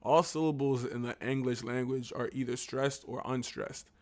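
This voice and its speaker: A man talking loosely on a livestream, in a voice pitched right in the middle for a man. He reads passages aloud with stumbles and restarts, then drifts into slangy, profane commentary. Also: fairly even intonation. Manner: reads text aloud haltingly, then riffs on it.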